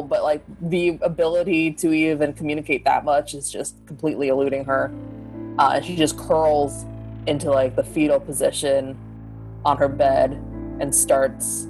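Woman, very low voice, loose chatty player, lots of "like"; faint music bed. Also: a little mellow. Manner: loose and chatty, many filler likes. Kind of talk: describing her character in a tabletop game.

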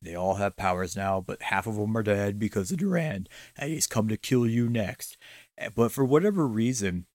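Man, lowish voice, casual podcast chat, profane, enthusiastic, dry close sound. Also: animated, normal speed, a little mellow, no echo. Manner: laid-back, profane, enthusiastic, often laughing. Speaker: podcast co-host. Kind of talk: casual chat recapping a TV episode.

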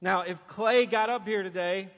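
A man preaching a sermon in a church, animated and acting out the voices he quotes. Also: high voice, moderate pace. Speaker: pastor. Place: church sanctuary. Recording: long hall reverb.

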